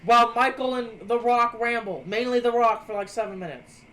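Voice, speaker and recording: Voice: mid-range voice, fairly quick, fairly bright tone, poor audio. A streamer co-hosting a live show, chatting casually with blunt, sarcastic remarks and offhand swearing. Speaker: streamer co-host.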